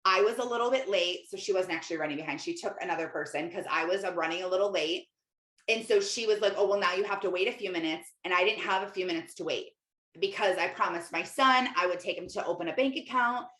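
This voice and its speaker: Her voice is lowish and a bit bright, moving at a quick pace, and it echoes around the room. A middle-aged Christian life coach hosting a podcast, she delivers a rambling, chatty confessional monologue full of fillers and self-quotes.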